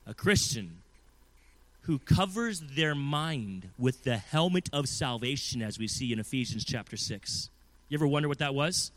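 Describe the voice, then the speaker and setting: A man's voice: mid-range voice, expressive, a little slow, no echo, poor audio. Earnest male preacher in his thirties. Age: 30s. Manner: earnest, builds from quiet to loud emphasis. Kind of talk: sermon.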